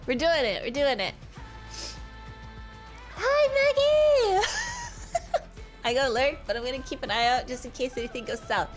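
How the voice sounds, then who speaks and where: A woman's voice: a little high, fairly quick, soft background music. A woman streaming live in casual chat, greeting her viewers, laughing and swearing freely. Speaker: VTuber streamer.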